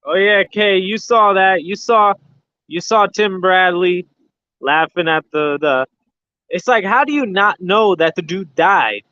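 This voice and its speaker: Rambling man with a slightly high voice. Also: a little slow, pushed and bright, smooth, no echo. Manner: rambling, lots of fillers and restarts. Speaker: host of a boxing livestream. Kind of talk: casual chat. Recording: dull lo-fi sound.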